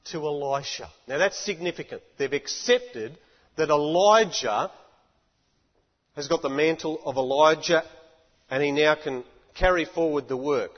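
Emphatic male preacher, high voice, echoey hall. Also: measured pace, muffled recording. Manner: animated, emphatic, rising to shouts. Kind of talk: sermon.

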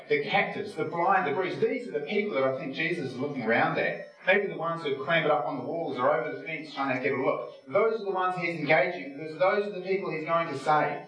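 A man's voice: a little high, lively intonation, a little fast, a bit bright. Man teaching scripture in a very echoey room. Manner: asks the listeners rhetorical questions; folksy, chatty, with frequent fillers. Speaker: Bible teacher. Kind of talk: conversational Bible study sermon. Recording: very echoey room from a distance with faint music.

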